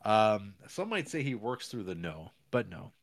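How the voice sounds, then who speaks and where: A man co-hosting a casual film podcast, rambling and acting out characters in quick voices. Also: lowish voice, sing-song, gravelly, dry recording. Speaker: podcast co-host. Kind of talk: casual chat about a film.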